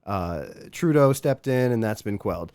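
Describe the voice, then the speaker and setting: A man from the United States co-hosting a podcast, explaining things haltingly with many fillers. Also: on the low side, expressive, darkish tone, clear, resonant tone, dry recording. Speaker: podcast co-host. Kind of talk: casual chat.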